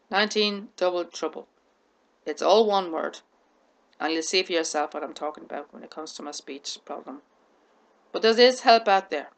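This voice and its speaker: A woman vlogger talking to camera with a stammer, repeating words, restarting sentences and running out of breath at the ends of sentences. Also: lowish voice. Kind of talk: casual talk to camera.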